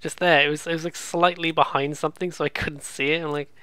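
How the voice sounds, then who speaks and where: Sarcastic guy rambling through a let's play, bright voice, smooth and clear. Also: a little high, flat delivery, fast talker, no room sound. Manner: sarcastic, swears freely, rambling. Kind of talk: casual gameplay commentary.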